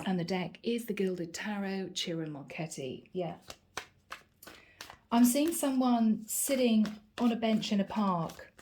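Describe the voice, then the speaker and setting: A woman's voice: medium pitch, warm tone, a little hiss or hum. A woman giving a channeled tarot reading to her viewers, earnest and encouraging, often repeating her key phrases. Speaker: tarot reader.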